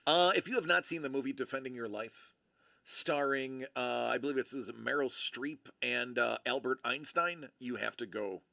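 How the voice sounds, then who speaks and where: A man hosting a livestream, chatting in a rambling, animated way and often correcting himself mid-sentence. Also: mid-range voice, normal speed, creaky. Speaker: livestream host. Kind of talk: casual live-stream chat.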